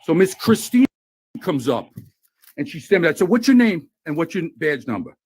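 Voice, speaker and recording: A man argues loudly and combatively while filming inside a post office. His voice sits high and swings widely in pitch as he repeats himself and talks over everyone. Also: very animated, normal speed, slightly rough. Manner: loud, combative, talks over others, lots of repetition. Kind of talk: heated argument while filming. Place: indoors at a post office counter.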